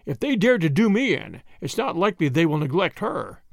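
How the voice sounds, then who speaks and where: A man voicing an injured, weakened male detective who mutters hoarsely, calm and scheming. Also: a little high, brisk, dry recording, studio quality. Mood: weak, wry.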